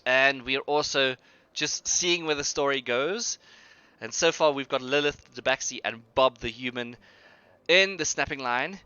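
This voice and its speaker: A man's voice: medium pitch, measured pace, sharp tone, smooth, no echo, muffled recording. A man narrating a tabletop game on a live stream as game master, in a rambling, hesitant way.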